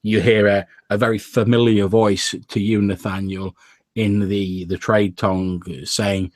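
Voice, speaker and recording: A man's voice: lowish voice, flat delivery, unhurried, darkish tone, dry recording. A man narrating a tabletop game as game master in a casual, filler-heavy way.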